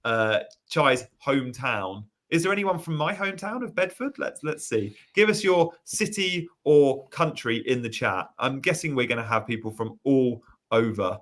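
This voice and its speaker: A man's voice: medium pitch, lively intonation, normal speed, few pauses, a bit bright. A man from England hosting a casual live stream, chatting and reading out viewer messages. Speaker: host.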